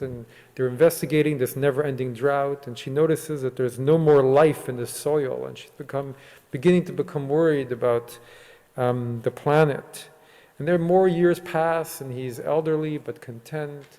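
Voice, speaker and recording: A male rabbi giving a sermon in a synagogue sanctuary, retelling a story and voicing its dialogue. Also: a little high. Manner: retells a story with quoted dialogue, lively and unhurried. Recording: long hall reverb.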